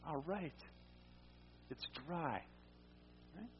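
A man's voice: fairly high pitch, animated, drawn-out words, slight background noise. A man preaching a sermon in a conversational way, asking the congregation questions and repeating words as he goes. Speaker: pastor. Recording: reverberant hall, muffled sound.

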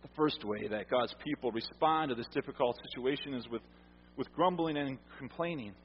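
In a muffled recording from an echoing hall, a male pastor delivers a conversational sermon, questioning his congregation and repeating words. He speaks at a normal pace in a mid-range voice, with slight background noise.

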